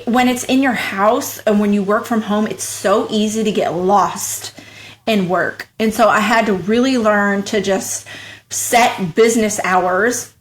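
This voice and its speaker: A woman at a medium pitch talks as a guest in a relaxed interview, frank and chatty. She tells her story in quick bursts and keeps slipping into animated quoted voices for her own past thoughts. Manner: frank and talkative, rapid bursts of speech. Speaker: podcast guest, small business owner.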